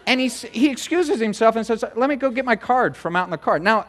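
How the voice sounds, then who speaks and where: A middle-aged man preaching a sermon, telling a personal story in a chatty, animated way with many asides. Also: very high voice, fast talker, a little hiss or hum. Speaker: pastor. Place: church sanctuary.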